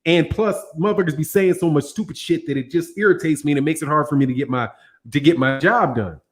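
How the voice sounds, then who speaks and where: A man's voice: a little high, fast talker. A man hosting a boxing channel, ranting angrily to a live audience in heavy profanity and repeating himself. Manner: angry, profane, repetitive.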